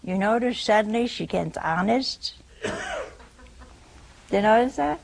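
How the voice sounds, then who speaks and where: A woman preaching a sermon, animated, full of rhetorical questions and teasing asides. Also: medium pitch, measured pace, gravelly, noisy background.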